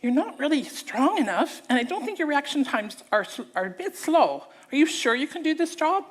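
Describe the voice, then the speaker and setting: A woman's voice: high voice, sing-song, normal speed, voice pushed up. A woman doing her skeptical teasing kids. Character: doubting grown children teasing their mother.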